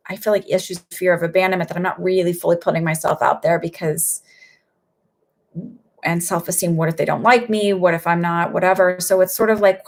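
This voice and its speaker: Rambling woman psychic with a gravelly voice. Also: lowish voice. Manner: rambling and hesitant, with many fillers; reads viewer questions aloud, then answers. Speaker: psychic medium. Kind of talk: live-stream readings for viewers.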